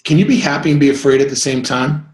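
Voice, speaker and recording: A man giving a live sales coaching talk to a group, energetic and rambling, breaking into sudden whoops. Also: mid-range voice, fast, echoey room.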